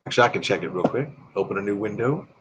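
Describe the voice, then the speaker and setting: A man's voice: on the low side, animated, racing, muffled recording, background noise. A man hosting a casual live stream, rambling and reading viewer comments aloud in a friendly, chatty way.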